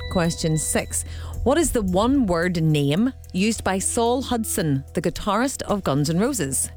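A woman co-hosting a radio quiz, reading each question in a clear, lively way. Her voice sits mid-range but moves around a lot. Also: mid-range voice, measured pace, soft background music. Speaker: radio co-host, quizmaster.

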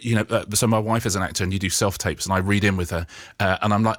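A man's voice: lowish voice, fairly even intonation, fairly bright tone, no echo, studio quality. A man, a guest in a casual comedic chat, joking about himself with many restarts. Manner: fast, self-deprecating, many restarts.

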